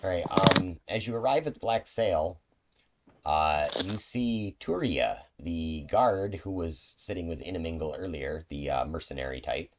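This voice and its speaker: A man's voice: sits low, animated, measured pace, background noise. A man narrating as game master of a tabletop game, loose and full of fillers.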